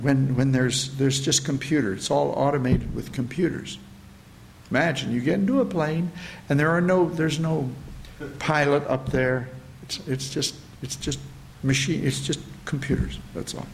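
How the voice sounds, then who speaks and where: A man with a gravelly, creaky voice gives a reflective spiritual talk to a gathering. He speaks slowly and circles back over his phrases. A faint hum of room ambience sits behind him. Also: on the high side. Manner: slow, reflective, repeats phrases. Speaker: spiritual teacher.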